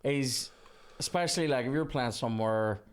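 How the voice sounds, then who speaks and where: A man's voice: medium pitch, smooth. A Northern Irish man hosting a casual podcast chat while playing a video game, swearing freely and telling gig stories. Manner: sweary, storytelling, quick asides. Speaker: podcast host.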